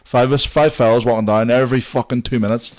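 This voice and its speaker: Fast-talking man trading rowdy anecdotes. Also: mid-range voice, fairly even intonation, darkish tone. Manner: quick, laughing anecdotes with swearing. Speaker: podcast co-host. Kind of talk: casual chat.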